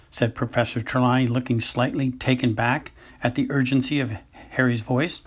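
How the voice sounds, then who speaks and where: A man narrating a novel aloud as an amateur audiobook reader, unhurried, with occasional stumbles and self-corrections. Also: mid-range voice, little pitch movement, husky.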